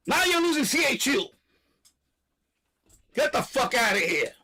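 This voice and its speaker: A man with a strikingly high voice rants on a live stream, loud, coarse and repeating himself. He drives each point with shouted outbursts and runs short of breath. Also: very animated, measured pace, long pauses, slightly rough, low-quality recording. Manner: loud, profane, repetitive ranting. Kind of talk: ranting live stream monologue.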